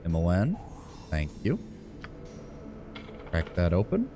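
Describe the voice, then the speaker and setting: A man's voice: low voice, wildly swooping pitch, slow pace, over music. A man streaming a video game, chatting casually and wryly, swearing and thinking aloud about the game's rules. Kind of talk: casual let's-play commentary.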